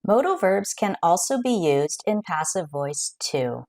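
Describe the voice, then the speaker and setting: A woman teaching an English grammar lesson, explaining clearly and carefully with example sentences. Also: fairly low pitch, sing-song, unhurried, darkish tone.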